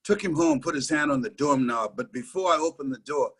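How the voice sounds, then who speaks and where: A man giving a guest interview as a motivational speaker, telling stories dramatically, with loud emphatic repeats that sink to a hushed hush, heard over a video call. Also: a little high, a little fast, slightly rough. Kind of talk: emotional motivational storytelling.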